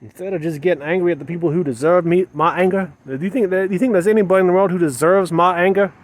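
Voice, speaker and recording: This personal vlog monologue features a man outdoors, talking to his camera in an emotional, rambling way and circling back over the same words as he doubts his own feelings. He speaks fast, and his voice sits high.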